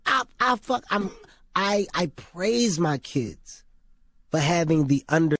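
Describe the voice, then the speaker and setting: Man, talk show guest, slow emphatic delivery, lively pitch, dry sound. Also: dry recording. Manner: emphatic, laughing and cursing.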